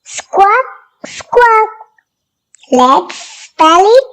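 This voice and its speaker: A woman voicing friendly little cartoon birds in a children's learning video, slowly spelling out letters one by one. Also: very high-pitched, big pitch swings, a bit bright, heavily acted, low-quality recording. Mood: cheerful. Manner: slow, sing-song spelling out letters one by one.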